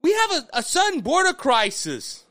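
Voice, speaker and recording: A man from hosting a political commentary show, talking in an animated, sarcastic way and calling his listeners folks. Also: very high-pitched, normal speed, dry recording, studio quality. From Louisiana, USA. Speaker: political commentator, podcast host.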